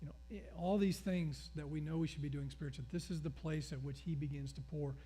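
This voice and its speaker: A middle-aged male pastor preaching a sermon, telling stories with acted-out dialogue in an animated way. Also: fairly high pitch, brisk, slightly rough.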